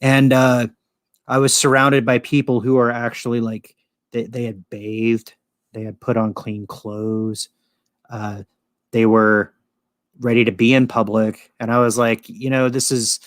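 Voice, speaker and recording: A man's voice: mid-range voice, flat delivery, a little slow, no echo, studio quality. A man in casual chat, rambling, profane and self-deprecating as he tells stories. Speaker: vlogger.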